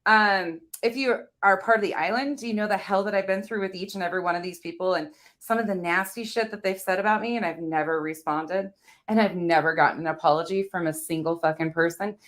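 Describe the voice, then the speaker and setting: A woman's voice: lowish voice, fairly quick, fairly bright tone. A woman hosting a casual livestream chat, blunt and profane, laughing often as she talks to her chat. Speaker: livestream host.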